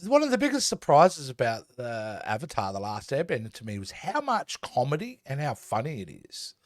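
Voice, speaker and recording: A man's voice: medium pitch, huge pitch swings, a little fast, dry recording, studio quality. A man co-hosting a podcast in casual chat, offering reflective and questioning commentary. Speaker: podcast co-host.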